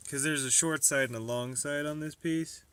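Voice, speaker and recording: A man's voice: a little high, steady tone, normal speed, fairly bright tone, smooth, no echo. A man narrating his own DIY repair vlog casually, with joking, self-mocking asides. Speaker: DIY video maker.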